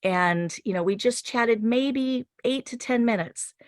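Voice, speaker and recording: A middle-aged woman, a teacher, recounting a story in a group talk, gentle and hesitant with many fillers. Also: a little high, measured pace, dry recording, clean studio sound.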